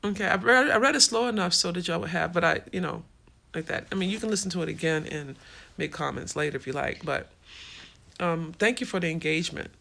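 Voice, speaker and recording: Brief: frank streetwise woman hosting a livestream, gravelly fry, sharp bright tone. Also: lowish voice, fast talker. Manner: frank and streetwise, swears freely. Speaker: livestream host. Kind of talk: casual livestream chat reading viewer comments.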